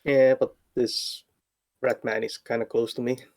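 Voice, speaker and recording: A man's voice: medium pitch, flat delivery, measured pace, a little mellow, dry recording. A man playing a wizard in a tabletop game over a voice call, thinking aloud as he picks his moves. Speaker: player.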